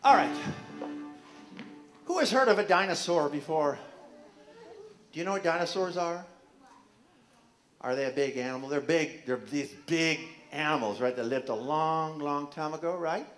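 A man's voice: on the high side, moderate pace, long pauses. A man performing a children's concert with guitar, singing and asking the kids playful questions. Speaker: children's singer-songwriter and guitarist. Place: library room with an audience of children. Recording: echoey room, loud guitar playing. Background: acoustic guitar.

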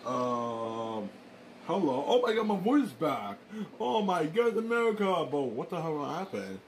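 A man doing a panicky, excitable young guy. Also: a little high, slight background noise. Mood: panicked. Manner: fast, panicky, exclamatory. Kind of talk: amateur fan drama acting.

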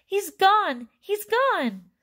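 A woman's voice: lowish voice, huge pitch swings, moderate pace. A woman voicing a panicked middle-aged mother who screams and wails for her son. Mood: screaming panic. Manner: screaming, wailing.

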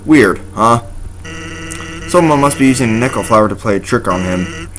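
A man's voice: on the low side, lively intonation, moderate pace, close to an everyday voice, low-quality recording. Sans, a lazy joking skeleton, as a man puts him on. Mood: laid-back. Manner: laid-back, offhand joking delivery. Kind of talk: reading game dialogue aloud.

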